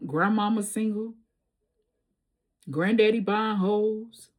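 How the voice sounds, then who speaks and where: Slangy, animated woman storyteller. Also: mid-range voice, slow. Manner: slangy, animated, laughs often. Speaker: tarot reader. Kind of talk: casual storytelling tarot reading.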